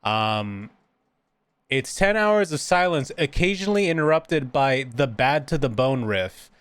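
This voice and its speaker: A man's voice: mid-range voice, animated, measured pace, a bit bright, clear, resonant tone, dry recording. A man chatting casually and rambling with frequent giggles as he streams his drawing. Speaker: art streamer and VTuber. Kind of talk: casual live-stream chat.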